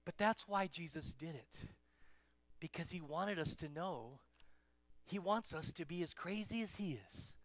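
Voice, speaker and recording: A man teaching a children's church lesson in a playful, animated storytelling manner. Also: on the high side, a little slow, no echo. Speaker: children's pastor.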